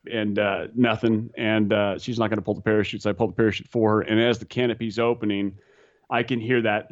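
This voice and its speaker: A man's voice: mid-range voice, no echo. A man, a skydiving instructor, telling stories in casual chat, rambling and repeating himself, laughing at his own tales. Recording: slightly dull, dry recording.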